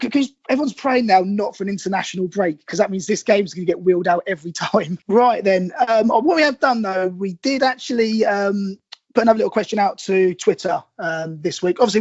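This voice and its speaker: A man's voice: high voice, darkish tone, no echo, highs cut off. A man with a London accent hosting a casual podcast chat, chatty and laughing as he reads listener messages aloud. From southern England. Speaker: podcast host.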